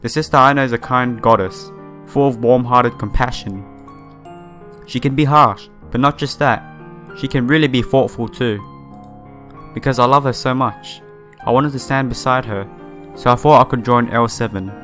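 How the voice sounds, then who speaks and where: A man's voice: mid-range voice, moderate pace, fairly bright tone, lightly acted. Earnest young idol trainee monologue, read by a man, plain read-aloud, no put-on voice, faint music bed. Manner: plain read-aloud delivery in his own voice.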